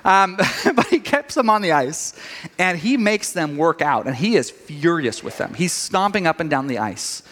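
A middle-aged man preaching a sermon, telling a story with animated quoted voices. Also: on the high side, moderate pace. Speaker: pastor. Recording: long reverb of a large hall.

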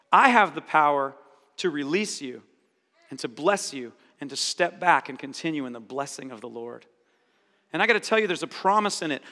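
A man's voice: high-pitched, bright, forceful tone. Emphatic preacher man in a big hall. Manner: emphatic, repeats phrases for force. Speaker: pastor. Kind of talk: sermon.

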